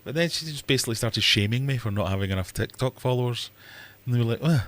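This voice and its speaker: A man's voice: medium pitch, fast, a bit bright. A middle-aged man hosting a casual livestream chat, rambling jokily with self-mocking asides and acting out other people's voices. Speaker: livestream host.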